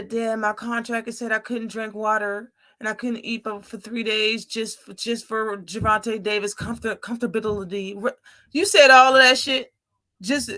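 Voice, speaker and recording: A woman's voice: fairly high pitch, pushed and bright, no echo, studio quality. A woman hosting a casual post-fight livestream, talking animatedly and profanely and mocking people with impressions. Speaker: boxing live-stream host.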